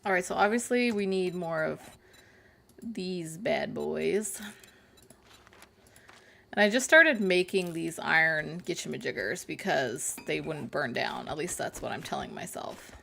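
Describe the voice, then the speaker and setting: A woman's voice: low voice, measured pace, creaky, a bit bright, slight background noise. A woman hosting a casual game livestream, chatting with viewers in a playful, sarcastic way and making innuendo jokes. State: burnt mouth. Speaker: livestream gamer host. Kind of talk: casual live-stream chat with viewers.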